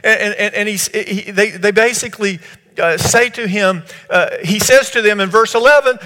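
A man delivers a sermon in a high, bright voice. He reads scripture softly, then bursts into loud, excited storytelling. A long reverb trails his words. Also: normal speed. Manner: animated, swings from hushed scripture reading to loud excited storytelling. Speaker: preacher.

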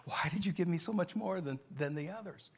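A man's voice: high-pitched, brisk, voice pushed up. A man voicing a guilty young boy who pleads in a raised, earnest voice, within a sermon story. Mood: puzzled.

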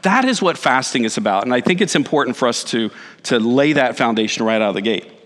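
A man in his forties, a pastor giving a conversational sermon with animated, self-deprecating asides. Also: medium pitch, fast talker. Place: church sanctuary. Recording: reverberant church hall.

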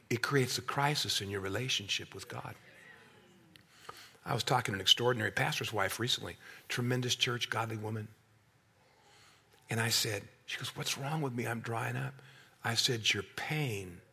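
A middle-aged man preaching a sermon, swinging from hushed asides to loud, acted-out voices. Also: mid-range voice, vocal fry, husky.

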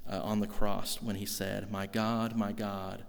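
A man's voice: fairly low pitch, flat delivery, measured pace, gravelly, clear, resonant tone, long reverb tail. A man preaching a sermon in an earnest, conversational way, asking the congregation rhetorical questions. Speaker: pastor.

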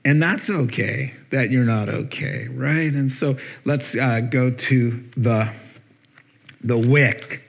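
A male pastor giving a folksy, animated sermon and chuckling often, then leading a prayer. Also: medium pitch, slow, vocal fry, muffled recording. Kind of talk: conversational sermon.

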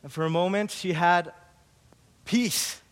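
High-voiced man preaching a sermon. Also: steady tone. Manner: storytelling, then slow earnest preaching. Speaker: pastor.

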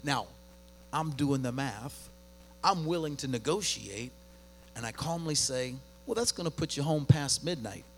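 A middle-aged man preaching a sermon, telling a story with big swings between quiet and loud. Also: mid-range voice, lively intonation, a little slow, a little hiss or hum. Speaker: pastor.

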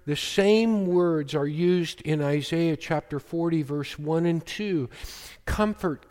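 Man, pastor, sermon, slow deliberate delivery, fairly high voice, long church reverb. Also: darkish tone. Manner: slow, emphatic preaching with quoted scripture.

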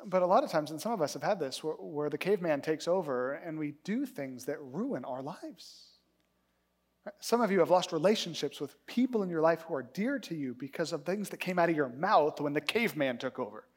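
Animated high-voiced male preacher. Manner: animated storytelling, acting out characters in quick voices. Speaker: pastor. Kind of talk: sermon.

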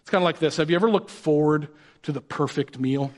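A man, a pastor and parent, preaching a conversational sermon in a lively, joking way. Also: fairly high pitch, fast. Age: adult parent.

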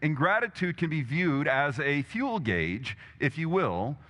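A man's voice: fairly high pitch, sing-song, a little slow, a bit bright. A man preaching a sermon as pastor, emphatic and conversational, asking the congregation rhetorical questions. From Texas, USA. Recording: long hall reverb.

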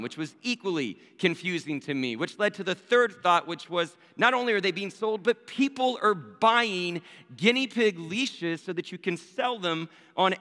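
A man's voice: sits high, pushed and bright. Man preaching in a reverberant hall. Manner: conversational, addresses listeners directly with rhetorical "right?". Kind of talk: storytelling sermon.

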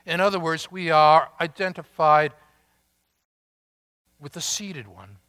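A man preaching a sermon, slow and emphatic, drawing out key words with long pauses. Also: a little high, steady tone, sharp tone. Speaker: pastor.

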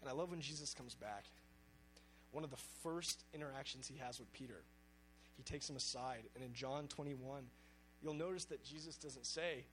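A man's voice: medium pitch, normal speed, a bit bright, slight background noise, rough recording. A man preaching a sermon, speaking earnestly and reading scripture aloud with emphasis.

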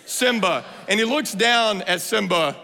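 A man, preaching a playful, energetic sermon that rises to shouts. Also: high-pitched, measured pace, gravelly. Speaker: guest preacher. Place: church sanctuary. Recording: long hall reverb.

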